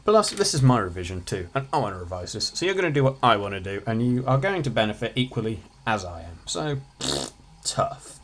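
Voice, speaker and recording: A man's voice: mid-range voice, sing-song, brisk, a bit bright, a little hiss or hum. A teenage boy, giving a casual, offhand revision lesson with jokey asides. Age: teens. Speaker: student revising on his channel.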